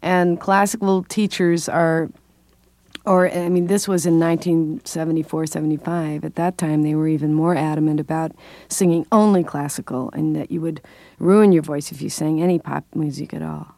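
A woman's voice: low-pitched, steady tone, moderate pace, gravelly, mellow, no room sound. A woman in her sixties from California, a jazz singer and voice teacher, explaining her singing career thoughtfully in an interview and laughing often. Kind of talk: interview conversation.

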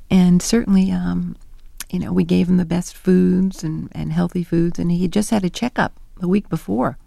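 A middle-aged woman talks through her research in a conversational interview. Her voice is low and gravelly with a mellow, dark tone. She brings stories to life by acting out the voices she quotes. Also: brisk, no echo, clean studio sound. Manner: animated storyteller who acts out quoted lines.

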